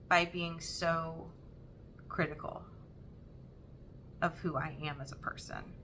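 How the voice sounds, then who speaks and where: A young woman hosting a stitching vlog, talking in an earnest, halting and emotional way. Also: fairly low pitch, sharp tone, slight background noise. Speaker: Flosstube host. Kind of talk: heartfelt personal vlog talk.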